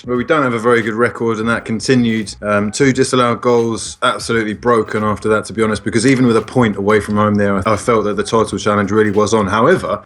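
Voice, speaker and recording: Man chatting at a measured pace. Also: mid-range voice, a bit bright. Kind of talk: casual chat.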